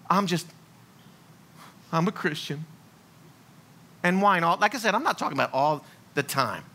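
A man preaching a sermon in a lively, blunt, joking way. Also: sits high. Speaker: pastor.

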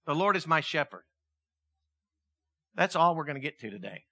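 A man preaching a sermon, animated, asking the congregation questions and acting out quotes. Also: a little high, moderate pace, gravelly. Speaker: pastor.

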